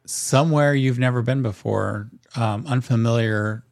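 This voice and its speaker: A man narrating a tabletop game as game master in a calm, descriptive way. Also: medium pitch, a little slow, gravelly, no echo, studio quality.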